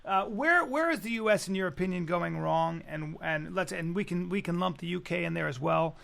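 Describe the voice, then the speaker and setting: A man's voice: high voice, a little fast, creaky, fairly bright tone. A man hosting a podcast in casual chat, rambling with stammered restarts and crude jokes. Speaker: podcast host.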